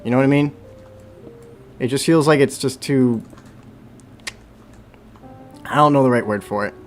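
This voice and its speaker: A man's voice: mid-range voice, measured pace, soft background music. Rambling young man streaming a game. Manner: rambling, self-talk with hums and sound effects. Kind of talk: casual livestream chat while playing.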